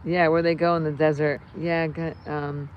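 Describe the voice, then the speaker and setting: A woman in her fifties hosting a casual livestream, reading viewer comments in a rambling, excitable way with many fillers and restarts. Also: deep voice, moderate pace, dull audio, a little hiss or hum. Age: 50s. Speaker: livestream host.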